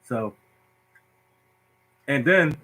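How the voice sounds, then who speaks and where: Bright-voiced, joking male host. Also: medium pitch, drawn-out words, low-quality recording. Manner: animated, joking, self-mocking. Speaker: lottery show host. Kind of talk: casual storytelling to viewers.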